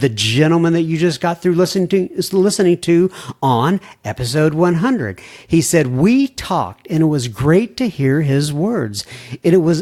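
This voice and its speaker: Brief: middle-aged man, podcast host, folksy and friendly, slightly higher voice. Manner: folksy, warm-hearted asides. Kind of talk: reading listener emails aloud.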